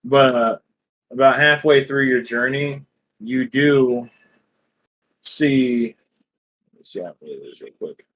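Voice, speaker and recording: A man's voice: mid-range voice, unhurried, pauses often, a bit bright, rough recording. A man running a tabletop game as game master, talking loosely and rambling, with casual swearing.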